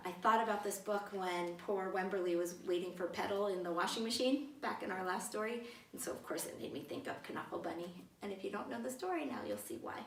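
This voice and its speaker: A children's librarian leads a toddler storytime, speaking to the small children in a playful, sing-song way with a medium-pitched, slightly bright voice. The sound is roomy and distant, with faint noise.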